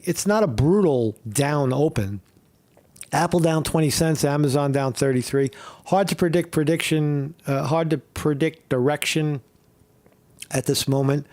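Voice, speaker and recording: A man's voice: on the high side, darkish tone. A man hosting a livestream, ranting in a heated, profane way and repeating himself with many fillers. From Northeast Pennsylvania. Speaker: streamer host.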